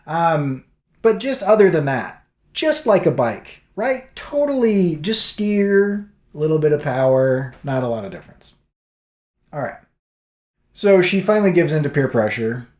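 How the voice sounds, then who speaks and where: A man's voice: fairly high pitch, unhurried, echoey room. A man vlogging, telling a story casually and acting out what people said. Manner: animated storyteller acting out quotes.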